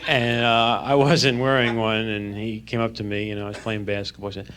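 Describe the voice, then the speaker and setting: A man telling fast stand-up stories about his school days, on a crackly vinyl record. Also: fairly low pitch, flat delivery, a bit bright. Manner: fast anecdotal delivery. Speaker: stand-up comedian. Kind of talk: stand-up storytelling.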